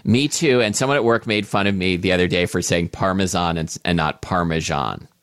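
A man's voice: low-pitched, steady tone, brisk, a bit bright, clear, resonant tone, no room sound, clean studio sound. A man co-hosting a casual food chat, rambling easily and filling his talk with "like.". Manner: rambling, many "like" fillers, easygoing. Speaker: podcast co-host.

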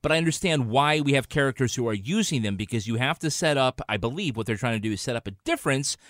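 A man's voice: medium pitch, animated, fast talker, a bit bright, no room sound, studio quality. Wry, argumentative man co-host. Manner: wry, argumentative, many fillers. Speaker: podcast co-host. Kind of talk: casual review chat.

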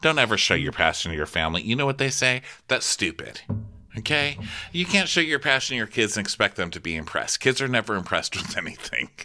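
A man's voice: on the low side, big pitch swings, fairly quick, pushed and bright. A man co-hosting a comedy podcast, recapping a reality show in a sardonic, jokey way. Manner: sardonic, jokey, acts out scenes. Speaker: podcast co-host.

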